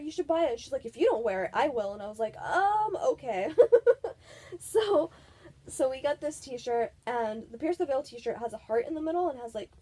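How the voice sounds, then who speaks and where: Young female vlogger, casual storytime, warm mellow tone, higher pitch, giggly. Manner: chatty, giggly, lots of filler words.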